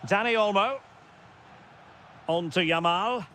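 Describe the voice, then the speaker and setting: Guy doing football game commentary, high bright voice, gets shouty on goals. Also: slow, slight background noise. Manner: excitable, bursts into shouts at goals and saves; short clipped calls of player names. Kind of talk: video game play-by-play commentary.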